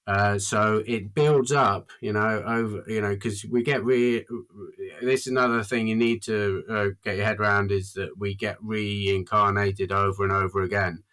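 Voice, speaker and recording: Rambling earnest man, lowish voice. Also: steady tone, normal speed, a bit bright, clean tone. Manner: rambling, earnest, full of fillers. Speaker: podcast guest. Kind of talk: casual chat.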